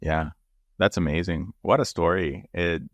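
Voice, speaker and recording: Man, podcast host, encouraging, reflective, deep voice, dry close mic. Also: measured pace, dry recording, lo-fi sound. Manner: encouraging, reflective, with short affirmations. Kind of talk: interview conversation.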